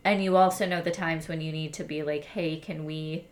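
A woman's voice: low-pitched, steady tone, moderate pace. A young adult woman co-hosting a podcast, chatting casually and bluntly, full of "like" and jokes. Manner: blunt, joking, sprinkled with "like". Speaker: podcast co-host. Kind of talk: casual chat.

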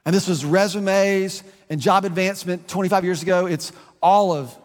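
High-voiced man preaching in a hall. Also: fairly even intonation, moderate pace. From United States. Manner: conversational preaching with repeated restarts and asides. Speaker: pastor. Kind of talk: sermon.

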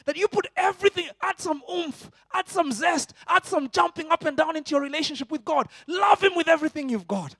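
Preacher guy in his 40s, highish voice, goes from yelling to soft, dry close sound. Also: brisk, hardly any pauses, no echo. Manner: animated, swinging from loud shouting to soft intimate tones. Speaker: pastor. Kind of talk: sermon.

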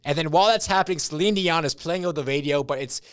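A young man co-hosting a podcast, telling rambling, absurd stories in a casual, deadpan way. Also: on the high side, quick pace. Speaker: podcast co-host. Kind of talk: casual chat.

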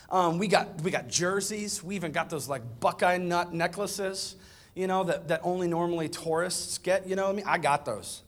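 A man in his thirties preaching a sermon, telling a funny family story and acting out the dialogue with growing excitement. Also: sits high. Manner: animated storyteller, acts out dialogue with rising excitement. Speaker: pastor. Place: church auditorium with a live audience.

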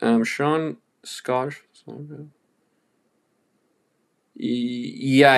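A man's voice: mid-range voice, steady tone, slow. A man hosting a solo podcast, talking casually in an irreverent, profane, rambling way full of fillers. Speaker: podcast host.

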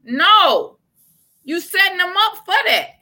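A woman's voice: very high-pitched, big pitch swings, takes it slowly, pushed and bright. A woman co-hosting a casual podcast, talking in an emphatic, argumentative way. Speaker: podcast co-host. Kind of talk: casual opinionated chat.

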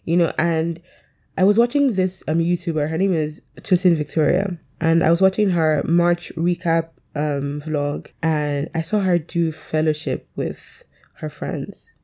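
A woman's voice: low voice, measured pace, dark tone. A young woman hosting her own podcast, chatting casually and rambling with lots of fillers; her voice cracks and can sound close to tears. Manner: rambling, frequent "like" and "you know" fillers. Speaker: podcast host. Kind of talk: casual solo podcast chat. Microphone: poor quality home mic.

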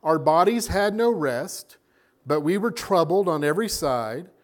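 A man preaching a sermon as a pastor, animated and acting out little scenes. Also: on the high side, unhurried.

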